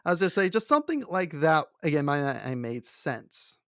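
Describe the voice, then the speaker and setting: A man's voice: a little high, very animated, moderate pace, fairly bright tone, clear, resonant tone, dry recording, studio quality. A man co-hosting a casual chat, talking in a rambling way with many fillers and restarts. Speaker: podcast co-host.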